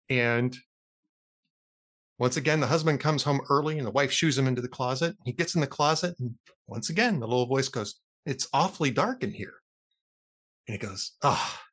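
A man's voice: mid-range voice, slightly rough. A man hosting a talk show, chatting casually and telling a long joke with acted-out voices. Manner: lively storyteller who acts out the characters' lines. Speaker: radio talk show host. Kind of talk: casual chat, telling jokes.

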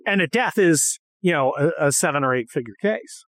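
A woman in casual, profane chat, animated and mocking. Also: sits low, normal speed, dry recording, clean studio sound.

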